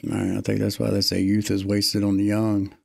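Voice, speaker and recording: A man's voice: fairly low pitch, completely flat delivery, normal speed, gravelly, no room sound, clean studio sound. A man hosting a casual interview, speaking in a laid-back way with short reactions and comments. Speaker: podcast host.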